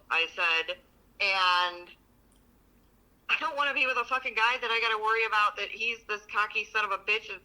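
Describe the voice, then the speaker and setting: A woman co-hosting a relationship podcast, telling stories in a blunt, profane, animated way. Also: mid-range voice, poor audio. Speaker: podcast co-host. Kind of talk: casual chat.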